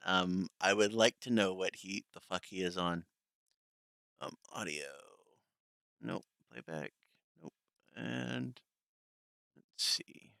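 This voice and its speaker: Streamer, male: gravelly, slow, sarcastic, casual swearing, bright dry tone. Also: sits low, no echo. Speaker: streamer commenting on clips. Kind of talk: live stream commentary.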